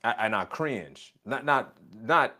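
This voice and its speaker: A man's voice: mid-range voice, expressive, slow pace, sharp tone. A man coaching a colleague in a casual conversation, emphatic and repeating his catchphrases. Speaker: business coach.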